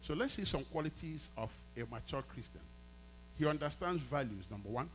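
A man's voice: on the high side, animated, moderate pace, fairly bright tone, a little hiss or hum, low-quality recording. A man preaching a sermon as a pastor, emphatic, repeating phrases and prompting his congregation.

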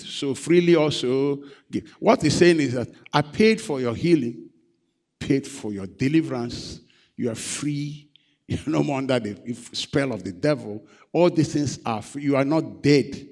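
A man preaches a call-and-response sermon as pastor. He keeps repeating key phrases and pauses for the congregation to answer. His voice is mid-pitched and carries a long hall reverb. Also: lively intonation, darkish tone.

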